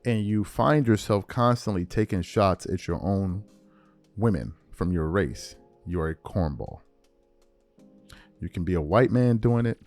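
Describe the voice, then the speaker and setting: A man's voice: sits low, darkish tone. A man hosting a sports commentary channel, delivering an emphatic, repetitive opinion rant straight at his viewers.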